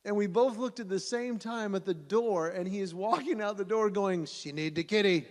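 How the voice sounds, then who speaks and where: Male event speaker, lively storyteller, reverberant hall. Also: high voice, moderate pace. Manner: animated storyteller who acts out voices. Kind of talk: storytelling speech to an audience.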